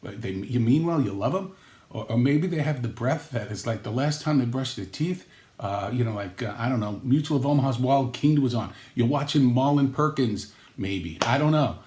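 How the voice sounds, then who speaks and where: A man's voice: lively intonation, normal speed, a little mellow. Jokey rambling man in an echoey room. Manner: jokey, rambling, acts out quotes with pitch jumps. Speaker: sports vlog host. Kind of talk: comedic vlog monologue.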